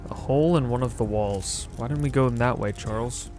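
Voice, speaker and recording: A man talks through his video game playthrough in a casual, sarcastic way. His voice sits at an ordinary middle pitch and often turns exasperated at what happens on screen. Faint music plays behind him. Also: fairly quick, darkish tone. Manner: exasperated, sarcastic running commentary. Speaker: gaming video host. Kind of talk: casual let's-play commentary.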